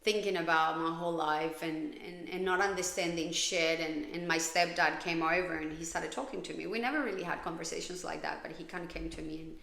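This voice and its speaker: A woman's voice: fairly low pitch, fairly even intonation, brisk, vocal fry, hardly any pauses, a bit bright. A woman from Colombia hosting a podcast, telling her own story in a candid, blunt way and swearing freely. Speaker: podcast host. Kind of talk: confessional personal monologue. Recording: echoey room.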